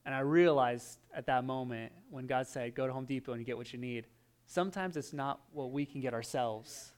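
A man preaching a sermon, telling a personal story with lively, animated delivery and acted-out quotes. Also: mid-range voice, moderate pace. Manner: animated storytelling, acting out his own voice in quotes. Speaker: pastor.

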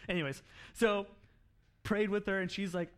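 A man preaching a sermon, telling a story in an animated way with laughs and acted-out quotes. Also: sits high, moderate pace, clear, resonant tone. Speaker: pastor.

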